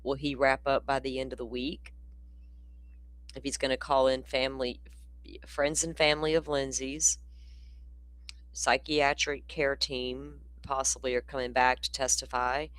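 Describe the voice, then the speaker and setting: A woman's voice: a bass voice, flat delivery, measured pace, long pauses, fairly bright tone, dry recording. A woman hosting a casual livestream, talking bluntly and profanely in a rambling way while she keeps yawning. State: yawning, sleepy. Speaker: livestream host.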